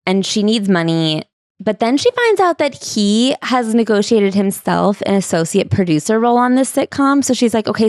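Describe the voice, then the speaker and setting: A woman co-hosting a podcast, recapping a memoir's story in a steady, matter-of-fact way. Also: mid-range voice, no echo, studio quality. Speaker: podcast co-host. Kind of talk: casual book club chat.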